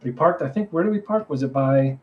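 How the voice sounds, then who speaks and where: A man's voice: mid-range voice, lively intonation, brisk, dull audio. Brief: young guy, mid-range voice, loose rambling storyteller on a chat podcast. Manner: rambling, full of "like" and self-corrections. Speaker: podcast co-host. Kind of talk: casual storytelling.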